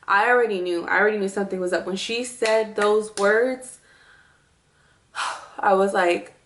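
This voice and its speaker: A woman's voice: medium pitch, steady tone, unhurried, a bit bright, echoey room, a little hiss or hum. A woman vlogger telling a story in a casual, rambling way, full of fillers.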